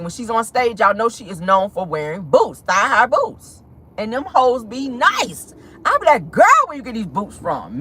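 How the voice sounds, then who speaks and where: A woman's voice: medium pitch, a bit bright, a little hiss or hum. A young adult woman hosting a celebrity gossip talk, sassy and slangy in casual commentary.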